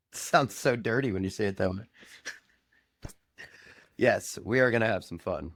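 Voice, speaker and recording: A man's voice: on the low side, normal speed, long pauses, no room sound. A man hosting a podcast interview, playful and joking in casual chat. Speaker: podcast host.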